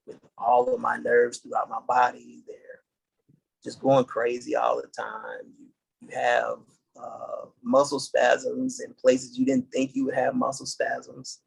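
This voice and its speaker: A middle-aged man from the United States, a podcast guest, telling his story in an earnest, halting way and restarting dates as he goes. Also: medium pitch, monotone, creaky, husky, low-quality recording. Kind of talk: casual interview storytelling.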